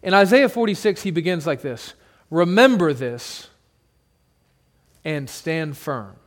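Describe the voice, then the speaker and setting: A man preaching a sermon, his voice sitting fairly high for a man. He swells into forceful, slow declarations and then sinks to a quiet low, now and then calling on congregation members by name. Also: very animated. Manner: emphatic, builds to loud declarations then drops low. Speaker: pastor.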